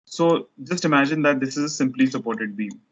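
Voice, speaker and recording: A man's voice: medium pitch, a little fast, highs cut off. A man teaching a structures lecture, explaining step by step while he sketches diagrams, often restarting his sentences.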